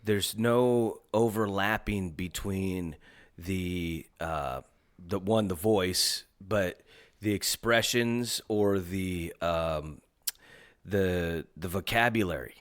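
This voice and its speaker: A podcast host from Southern California with a slight Southern American drawl, chatting casually in a rambling, profane way. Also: male voice, low-pitched, slow pace, dry recording, clean studio sound. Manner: rambling and profane, full of filler phrases. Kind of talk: casual chat.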